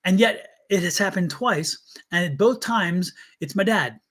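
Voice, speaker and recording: A man's voice: high-pitched, expressive, a little slow, fairly bright tone. A man hosting a live tarot stream, talking to viewers in an earnest, blunt and chatty way. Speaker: tarot reader and livestream host.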